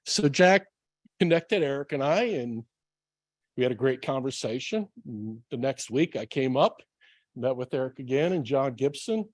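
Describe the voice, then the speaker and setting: A man's voice: mid-range voice, lively intonation, normal speed, no echo. Earnest middle-aged man giving a talk. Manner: earnest and plain-spoken, with filler ums. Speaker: baseball manager speaking at a club meeting. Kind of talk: personal speech to a club audience.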